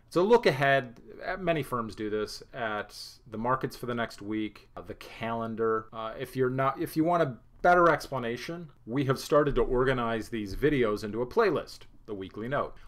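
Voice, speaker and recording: Breathless man giving market commentary. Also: mid-range voice. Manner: chatty, self-deprecating, rambling with restarts. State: out of breath after a workout. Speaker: senior partner presenting a weekly market note. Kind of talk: casual unscripted market commentary.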